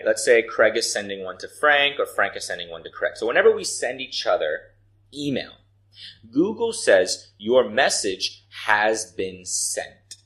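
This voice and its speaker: A man in the middle of a business English lesson. His pitch rises and falls a lot as he walks through example sentences. He keeps stopping to ask "right?" or "okay?" to check that the listener follows. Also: a bit bright, rough recording. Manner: explains with examples, asks frequent "right?" and "okay?". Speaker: English teacher. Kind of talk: explaining a writing lesson.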